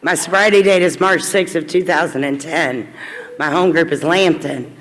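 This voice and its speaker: A middle-aged woman from Kentucky gives her personal testimony to a crowd at a recovery meeting, her deep voice moving at a moderate pace. She is candid and blunt, with self-deprecating humor, and a long echo fills the reverberant hall.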